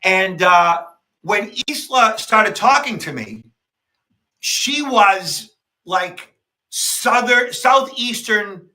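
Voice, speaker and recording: A man with a high, very bright and forceful voice talks on a podcast. He tells his story quickly and with emphasis, pushing each point home. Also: animated. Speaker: podcast co-host, security expert. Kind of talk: casual podcast conversation.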